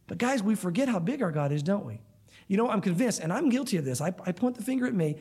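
A man's voice: high voice, big pitch swings, fast, a little mellow, slightly rough. A man preaching a sermon to a room of listeners, earnest and emphatic, often calling them guys. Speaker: pastor. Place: church room.

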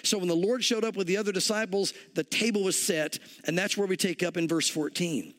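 A man with a notably high voice preaching from the pulpit. He teaches verse by verse, retelling the scene as a vivid, chatty story and leaning on "you know" as he goes. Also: brisk, a bit bright. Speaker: pastor. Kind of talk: verse-by-verse sermon.

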